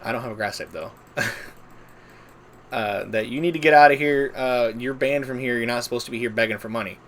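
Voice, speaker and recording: A man's voice: medium pitch, fairly quick, fairly bright tone, a little hiss or hum. A man streaming a game, telling a long story casually, with lots of filler words and swearing. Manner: rambling, filler-heavy, profane. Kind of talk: casual storytelling while gaming.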